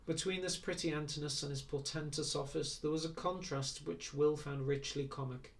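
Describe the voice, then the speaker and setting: A man reads a novel aloud with measured, even narration. His voice sits a bit higher than most men's. He sounds slightly distant from the microphone. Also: creaky. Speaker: audiobook reader.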